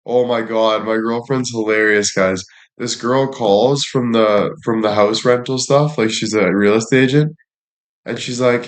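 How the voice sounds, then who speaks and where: A man's voice: medium pitch, steady tone, a little slow. Rambling, foul-mouthed man telling stories on stream. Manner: rambling, storytelling, frequent swearing. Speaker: livestream host. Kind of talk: casual chat with stream viewers.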